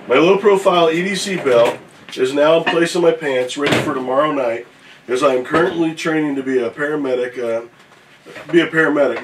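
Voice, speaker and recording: A man's voice: on the high side, distant mic, background noise. Profane man reading viewer mail. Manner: profane, joking, reads with stumbles. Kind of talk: casual morning show chat, reading an email aloud.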